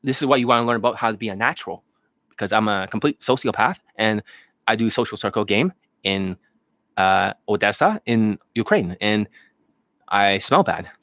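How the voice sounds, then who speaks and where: A man's voice: on the low side, lively intonation, normal speed, a bit bright, no echo, studio quality. A man mocking a clueless dating coach.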